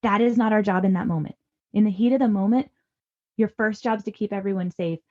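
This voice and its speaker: A woman's voice: medium pitch, fairly quick, muffled recording. A woman in her thirties giving earnest, reassuring parenting advice in a podcast conversation. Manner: earnest and reassuring, acts out parent lines softly. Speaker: parenting guest expert.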